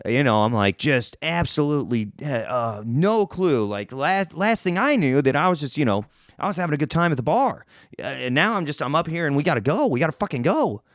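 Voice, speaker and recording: A young man spins a comic tale as a podcast host, his pitch bouncing high and low as he goes. He rambles, restarts and swears freely. The sound is dry and close. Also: sing-song, a little fast, no room sound. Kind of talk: casual comedic storytelling.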